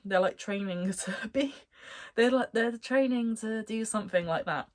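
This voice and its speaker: A woman's voice: fairly high pitch, normal speed. A young woman talking casually about a cartoon series she loves, rambling with lots of fillers and bursts of enthusiasm. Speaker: anime reviewer. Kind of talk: casual chat.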